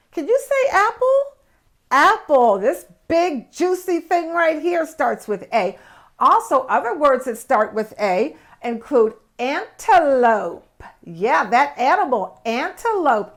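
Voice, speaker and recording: Bubbly older woman teaching kids. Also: sits high. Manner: bubbly, exaggerated, sing-song. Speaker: host, children's teacher. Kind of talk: children's alphabet lesson.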